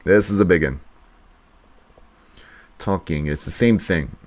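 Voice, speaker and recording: Streaming as he edits a video, a man chats casually, thinking out loud and murmuring to himself. His voice sits low and he takes his time.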